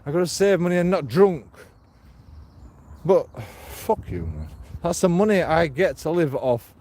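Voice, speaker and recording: A man's voice: on the high side, animated, unhurried, a little mellow. A man, a streamer talking on a walk outdoors, blunt and rambling with lots of swearing. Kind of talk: casual walking vlog.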